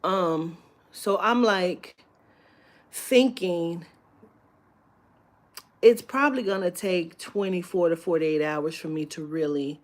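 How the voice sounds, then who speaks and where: Woman, home live-stream host, slow, rambling and candid, salty language. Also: lowish voice. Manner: rambling, candid, swears freely, many fillers. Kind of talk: casual live-stream chat.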